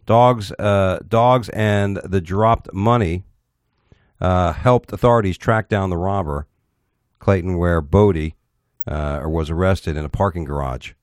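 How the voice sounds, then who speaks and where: A man's voice: deep voice, measured pace, dry recording, clean studio sound. A man hosting a casual talk show, reading odd news stories aloud and giving blunt, profane opinions with stumbles.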